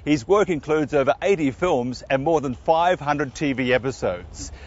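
Male host with a New Jersey accent, measured presenter read, slightly high voice, dull audio. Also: animated. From New Jersey, USA. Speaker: TV interview host. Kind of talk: scripted introduction and interview questions.

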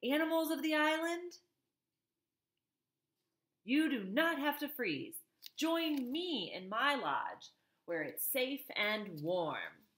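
A woman voicing a calm, gentle female robot who speaks slowly and carefully, lifting her voice well above her usual tone. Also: mid-range voice, echoey room. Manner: slow, careful, raised voice.

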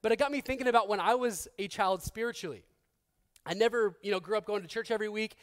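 High-voiced joking male pastor. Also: fast. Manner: conversational and joking, with laughs and restarts; acts out quoted people in a softer, lower voice. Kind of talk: sermon.

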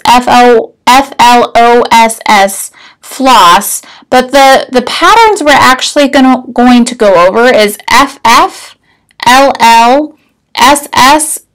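Slow-talking woman teacher, patient. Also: a little high, low-quality recording. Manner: patient step-by-step explaining, checks in with "all right?". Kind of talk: recorded spelling lesson.

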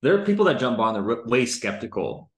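A man's voice: mid-range voice, big pitch swings, a little fast, reverberant. A man reviewing a recorded sales call in casual commentary, loose and chatty, full of filler words and the odd swear.

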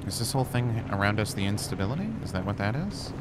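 Low-voiced man doing gameplay commentary. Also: expressive, fast, heavy background noise. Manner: chatty, talks to the game, flustered yelps. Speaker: gaming YouTuber.

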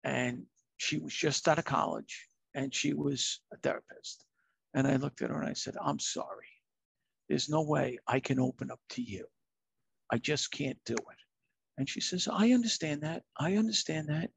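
Middle-aged new guy, retired fire captain, raspy husky voice, dry close sound, earnest and plain-spoken. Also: mid-range voice, fairly even intonation, moderate pace, fairly bright tone, no echo. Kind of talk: candid personal storytelling.

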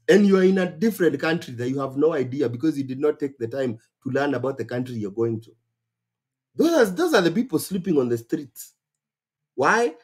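A man with a Kenyan accent hosts a casual advice livestream, animated and exclamatory, repeating phrases for emphasis. His voice is fairly high-pitched and husky, and he talks briskly.

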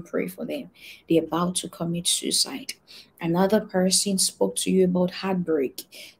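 A woman pastor giving an earnest prophetic testimony and prayer, repeating key phrases and moving between soft murmurs and shouted prayer. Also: fairly low pitch, vocal fry, slightly rough.

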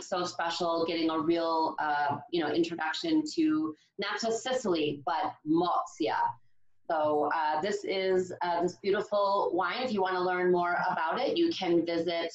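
Upbeat woman co-host with a lower voice; roomy, dull recording. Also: moderate pace. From Chicago area, USA. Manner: enthusiastic, chatty. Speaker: wine show co-host. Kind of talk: casual video-call chat. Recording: roomy, slightly dull video-call audio.

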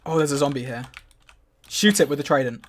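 Male gamer, mid-pitched, flustered and defensive, faint keyboard clicks and noise. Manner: flustered, defensive, giving quick instructions. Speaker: gaming streamer. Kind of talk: casual gaming chat.

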